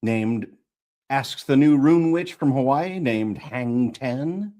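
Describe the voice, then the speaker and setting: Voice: mid-range voice, expressive, slow pace, dark tone. An audiobook narrator reading a comic fantasy story live, retaking and repeating lines, with playful voice acting.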